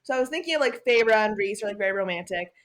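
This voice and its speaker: A young adult woman co-hosting a podcast, recapping a book in casual chat, animated and sweary, acting out the characters' lines. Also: mid-range voice, very fast. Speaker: podcast co-host.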